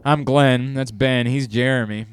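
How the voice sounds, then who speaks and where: A man's voice: medium pitch, fairly even intonation, measured pace, clean tone. A man hosting a podcast, chatting casually with giggly, rambling banter. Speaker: podcast host. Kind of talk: casual chat.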